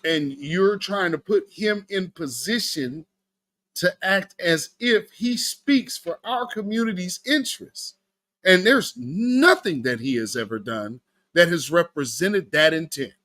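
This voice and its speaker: A man's voice: high voice, measured pace. A man hosting a live stream, giving casual political commentary, talking to his chat and laughing often. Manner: animated, laughing, talks to chat. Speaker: livestream host.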